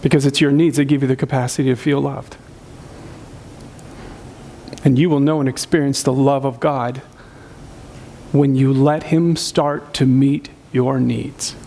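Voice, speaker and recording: A man's voice: medium pitch, fairly even intonation, a little slow, gravelly, pauses often, mellow, a little hiss or hum. A man preaching a sermon as pastor of a church, telling a story earnestly and often restarting his sentences.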